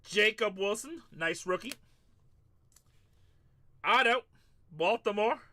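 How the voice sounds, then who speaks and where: A man's voice: sits high, moderate pace, pauses often, pushed and bright. A man hosting a live-stream card break, calling out each pull and chatting casually with viewers. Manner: hyped, calls out pulls and chats with viewers.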